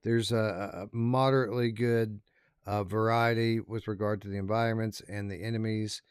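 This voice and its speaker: A man's voice: fairly low pitch, fairly even intonation, smooth, no echo, studio quality. A man co-hosting a podcast, chatting casually through a game review and stopping to restart his sentences. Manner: halting, with many fillers and restarts. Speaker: podcast co-host.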